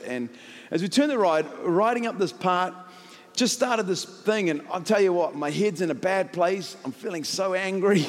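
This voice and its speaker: A middle-aged male pastor, telling a story in a sermon, laughing often and building to shouts. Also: sits high, long reverb tail.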